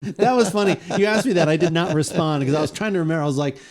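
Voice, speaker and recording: A man's voice: a little high, racing. A man co-hosting a live podcast, chatting casually and telling rambling stories full of fillers and restarts. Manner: rambling, many fillers and restarts, animated storytelling. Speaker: podcast co-host. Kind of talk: casual chat.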